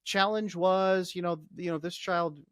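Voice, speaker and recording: A man's voice: sits high, fairly even intonation, unhurried, clear, resonant tone, no room sound, clean studio sound, voice pushed up. A man putting on the voice of his wife, a young mother chatting about her day in a raised, sing-song tone. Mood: rueful. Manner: warm, rambling recap of the day.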